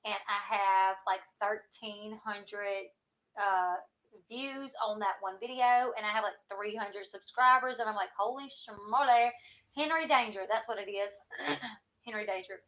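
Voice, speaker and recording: A woman's voice: mid-range voice, fairly even intonation, a little slow, a bit bright. A woman in her thirties with a Southern US accent, rambling through a casual livestream chat with lots of fillers and a country twang. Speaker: YouTube host. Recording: dull lo-fi sound.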